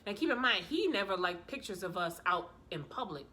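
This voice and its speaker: A woman vlogger telling a story in a casual, animated way, full of slang and sass. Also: medium pitch, a little fast, a little hiss or hum.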